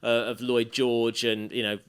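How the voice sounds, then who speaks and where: A man's voice: mid-range voice, level tone, normal speed, clean tone. A man co-hosting an audiobook review podcast, chatting casually in a rambling, enthusiastic way. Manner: rambling, enthusiastic, many restarts. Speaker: podcast co-host. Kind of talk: casual chat.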